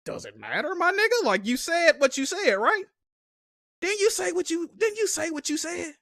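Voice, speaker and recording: A man's voice: very high voice, normal speed, gravelly, dry recording, studio quality. A young man, streaming and ranting profanely about a game console event. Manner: profane, animated, exasperated ranting. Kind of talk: ranting live stream commentary.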